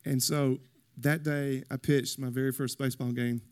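A man's voice: medium pitch, flat delivery, normal speed, a little mellow, clear, resonant tone. A middle-aged man preaching a sermon, telling personal stories and acting out the voices in them, building to emphatic encouragement. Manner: storytelling, acts out quoted voices, rising to emphatic exhortation. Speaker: pastor.

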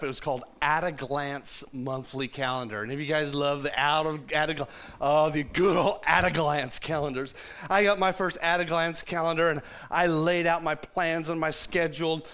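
A pastor in his fifties preaching a sermon in a conversational, joking way, dropping to a hush and rising to loud bursts. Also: on the high side. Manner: conversational and jokey, shifting from hushed to loud.

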